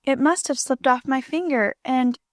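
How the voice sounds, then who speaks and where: A woman voicing a worried young aunt in a storybook, speaking in high, fretful exclamations. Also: moderate pace, no echo, studio quality, lightly acted. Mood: anxious.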